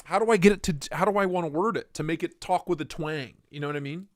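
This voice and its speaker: A man's voice: fairly high pitch, fast talker, dry recording, studio quality. A man hosting a casual livestream, joking and reading chat aloud in a playful way. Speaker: livestream host.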